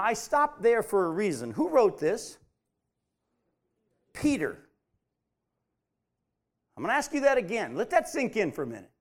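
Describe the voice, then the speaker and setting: A man teaching a Bible study, emphatic, repeating his key points and putting questions to the group. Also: high-pitched.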